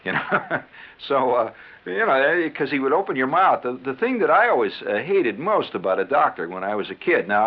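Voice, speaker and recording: A man telling a comic monologue on the radio in a rambling, conversational way with chuckling asides. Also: mid-range voice. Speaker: radio storyteller. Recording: tinny 1970s radio broadcast.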